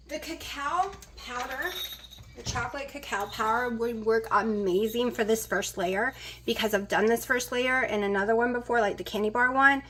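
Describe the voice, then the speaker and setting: A woman's voice: on the high side, bright, forceful tone, a little hiss or hum. A woman chatting casually as she cooks in her home kitchen, rambling with plenty of fillers. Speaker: vlogger. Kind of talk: casual kitchen vlog chat.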